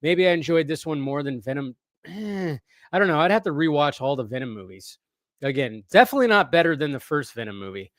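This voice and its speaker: A man's voice: a little high, lively intonation, a little fast, a bit bright, dry recording, clean studio sound. A man hosting a casual movie-news live stream, rambling, restarting his sentences and reading viewers' messages aloud. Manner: rambling, restarts often, reads chat aloud.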